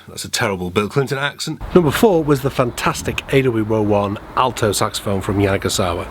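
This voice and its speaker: A man's voice: fairly low pitch, brisk, hardly any pauses. A man telling stories in a chatty, joking way for his vlog. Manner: chatty, jokey. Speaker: vlogger and saxophonist. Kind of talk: casual vlog storytelling. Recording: outdoor street and traffic noise.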